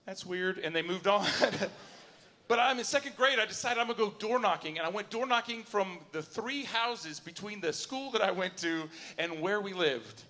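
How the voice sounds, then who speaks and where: Stand-up comic, man, bright, slightly high voice, live in a reverberant hall. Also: normal speed. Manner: animated storytelling, acting out both sides of conversations. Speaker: stand-up comedian. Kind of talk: stand-up comedy set. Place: university auditorium before a live audience.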